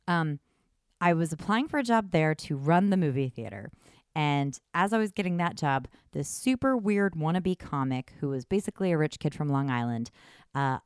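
A woman in her thirties casually telling blunt, profane stories with big swings in pitch, chatting as a podcast host. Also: no echo, clean studio sound. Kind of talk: casual storytelling chat.

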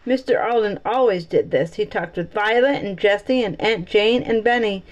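A woman's voice: mid-range voice, moderate pace, highs cut off. A woman reading a chapter book aloud, playful, adding teasing asides between passages. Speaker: storybook reader.

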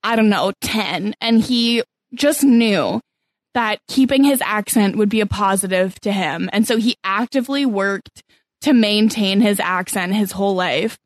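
A woman's voice: medium pitch, a little slow, no echo. A woman from Canada, co-hosting a podcast in casual chat, wry and playful with frequent fillers. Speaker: podcast co-host.

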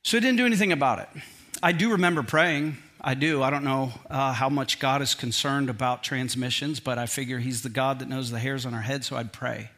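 A middle-aged male pastor preaching a sermon, telling a personal story in an animated, self-deprecating, humorous way. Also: medium pitch, a little fast.

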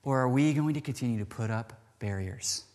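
A man preaching a sermon with a stuffy nose, swinging between loud urgency and soft, intimate pleading. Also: mid-range voice, fairly quick, big-room sound.

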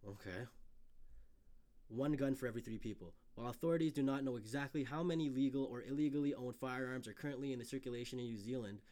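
Talking fast in a warm, mid-range voice, a man co-hosts a casual podcast. He reads headlines aloud, then riffs on them in a loose, profane manner.

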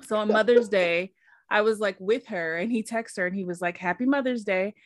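A woman's voice: medium pitch, a little fast, no room sound, studio quality. A woman hosting a podcast in casual chat, telling stories with lots of laughter and acted-out quotes. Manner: animated storyteller, laughs often, acts out quotes. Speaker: podcast host.

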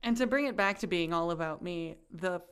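A woman's voice: lowish voice, a little fast, a bit bright, clear, resonant tone. Playful woman podcast host. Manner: playful, self-mocking. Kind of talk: casual chat.

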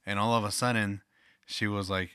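A man's voice: on the low side, little pitch movement, moderate pace, bright, forceful tone, clear, resonant tone, no room sound, clean studio sound. A young man in casual podcast chat, loose and full of fillers. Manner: loose, filler-heavy, laughs easily.

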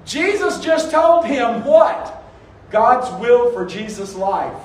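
A man, a pastor, preaching an animated sermon and acting out quotes with rising emphasis. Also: very high voice, takes it slowly, roomy sound, far from the mic, poor audio. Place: church sanctuary.

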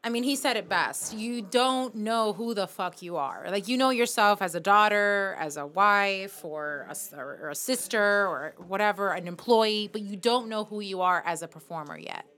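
A woman speaks as a podcast guest in a candid, casual way, with an occasional curse. Her voice sits at an ordinary middle pitch. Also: moderate pace, hardly any pauses, a bit bright. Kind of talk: casual interview chat.

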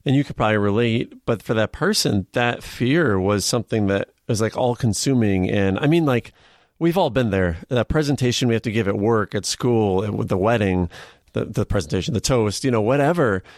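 Lowish guy host, rambly and eager, super dry mic. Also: fairly quick, a little mellow, dry recording. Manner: rambling, restarts, often rises in pitch when eager. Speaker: podcast host. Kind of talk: podcast interview chat.

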